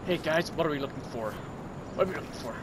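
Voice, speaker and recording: A man's voice: a little high, animated, quick pace, heavy background noise. A man giving goofy, mock-dramatic commentary while playing a video game and teasing the characters he meets. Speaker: gameplay commentator. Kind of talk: joking gameplay commentary. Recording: voice over loud game sounds.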